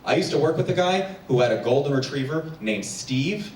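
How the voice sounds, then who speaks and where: A man from New Jersey doing a stand-up comedy set with quick crowd work on a theater stage. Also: on the high side. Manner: quick crowd work, animated voices for pets. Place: theater stage before a packed house. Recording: echoey stage sound from far off, audience noise.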